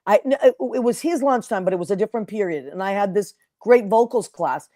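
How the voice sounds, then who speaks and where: A woman's voice: medium pitch, lively intonation, brisk, dark tone, no echo. Woman host telling stories, dry sound. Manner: emotional storyteller, acts out quotes. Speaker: podcast host. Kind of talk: casual interview chat.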